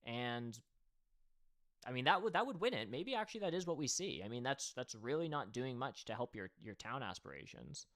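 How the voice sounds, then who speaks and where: A man's voice: mid-range voice, animated, normal speed, fairly bright tone. A man hosting a livestream and commenting casually on a board game match. He thinks aloud and talks straight to his viewers.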